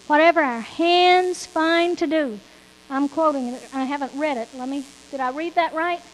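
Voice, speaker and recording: High-voiced woman preaching with long reverb. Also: moderate pace. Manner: emphatic and repetitive, quoting scripture. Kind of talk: sermon.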